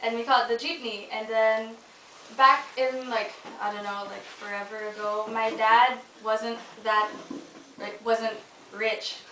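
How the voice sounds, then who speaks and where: A woman's voice: on the high side, little pitch movement, a little slow, sharp tone. Giggly young woman telling a ghost story. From Philippines. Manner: chatty, giggly, full of "like" and restarts. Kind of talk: casual spoken ghost story. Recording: echoey room, mic at a distance, faint noise.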